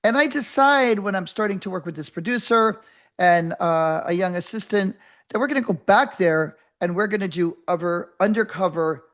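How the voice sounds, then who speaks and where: An older woman hosting a podcast, telling a story in a rambling, animated way with many restarts and acted-out voices. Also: medium pitch, moderate pace. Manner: animated, acts out quoted voices. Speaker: podcast host. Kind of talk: casual storytelling monologue.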